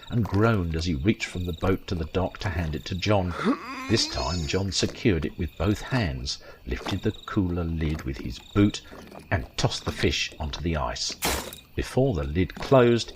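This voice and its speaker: A man narrating a dark comic story in a wry, dramatic storytelling manner. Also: low-pitched, background noise. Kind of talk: scripted horror-comedy story narration.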